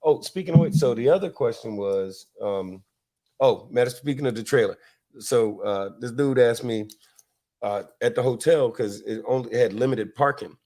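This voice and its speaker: A man's voice: mid-range voice, moderate pace, mellow. A man from Florida hosting a casual podcast, telling stories with lots of fillers, restarts and laughs. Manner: rambling, laughing, many fillers. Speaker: podcast host. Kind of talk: casual storytelling chat.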